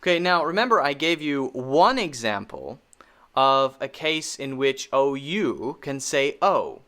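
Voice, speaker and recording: Male American pronunciation teacher, slow and deliberate, lively pitch, repeats model words. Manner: models vowel sounds slowly and repeatedly. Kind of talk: pronunciation lesson.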